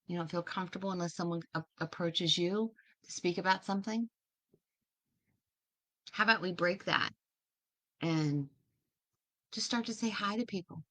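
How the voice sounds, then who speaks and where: Woman host, casual inspirational monologue, warm-hearted pep talk, chatty with questions. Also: on the low side, normal speed, long pauses. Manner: chatty, encouraging, asks many questions; laughs easily, restarts words.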